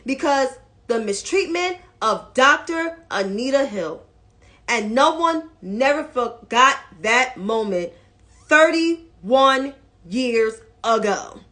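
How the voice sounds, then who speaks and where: A woman delivers casual political commentary at a slow, unhurried pace. Her voice sits fairly high, and her manner is blunt, profane and mocking. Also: lively intonation, a bit bright.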